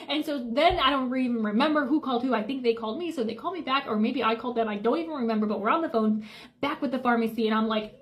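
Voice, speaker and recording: A woman's voice: a little high, very fast. A woman telling a personal story casually to camera, rambling and repeating herself as she quotes each exchange. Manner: rambling, repeats "I was like" often.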